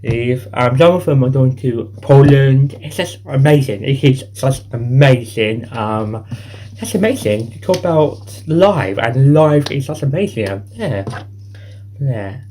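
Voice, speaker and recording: A man's voice: medium pitch, lively intonation, slow, darkish tone, slight background noise, poor audio. A man hosting a homemade news show, reading the news in an improvised way that rambles, repeats itself and keeps restarting phrases. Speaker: home news show host.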